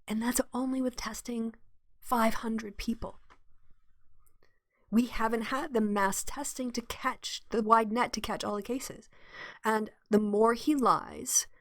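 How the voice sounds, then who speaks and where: A woman hosting her own political commentary show, indignant and blunt. She reads news stories aloud and breaks off to comment on them. Her voice sits at an everyday pitch and is recorded close and dry, with no room sound. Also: no echo.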